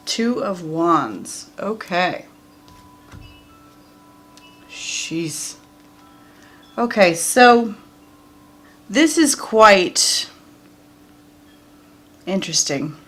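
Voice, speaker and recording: A woman's voice: lowish voice, big pitch swings, extremely slow, pauses often, fairly bright tone. A woman reading tarot cards for viewers in a casual, chatty way, talking straight to them and laughing often. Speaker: tarot reader.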